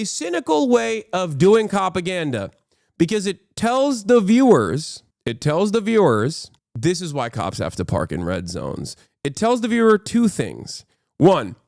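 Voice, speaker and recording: A man's voice: fairly high pitch, darkish tone, no room sound, clean studio sound. A man giving casual livestream commentary as a political streamer, rambling and profane with frequent restarts.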